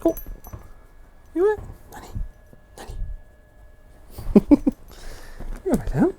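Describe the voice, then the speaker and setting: Lively man cooing baby talk. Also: slow pace, long pauses, a little hiss or hum. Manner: slips into high sing-song baby talk for a dog. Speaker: live streamer. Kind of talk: casual live-stream chat. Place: at home late at night.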